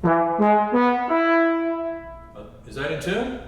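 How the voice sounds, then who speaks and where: A man's voice: medium pitch, lively intonation, a little fast, recorded from a distance, faint music behind. Guy teaching a trombone masterclass, scat-singing the lines, super echoey hall, mic way off. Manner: scat-sings musical phrases to demonstrate. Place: chapel used as a concert hall. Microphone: distant room mic.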